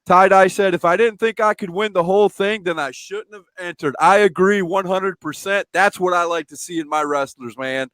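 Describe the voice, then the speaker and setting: A man's voice: sits high, moderate pace, few pauses, fairly bright tone, dry recording. A man hosting a casual live stream from home, chatting, reading out viewer comments and laughing often. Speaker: show host.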